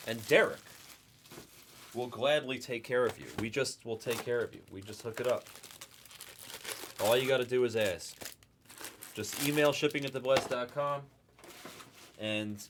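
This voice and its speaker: A man hosting a live card break stream, chatting loosely with viewers in the chat and pitching spots. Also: unhurried, pauses often, noisy background. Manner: rambling, chatty, talks to the chat by name.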